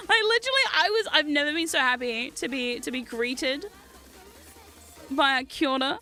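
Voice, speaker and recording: A young woman with a New Zealand accent, chatting casually as a livestream host, animated and quick to swear and laugh. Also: high voice, soft background music. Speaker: streamer.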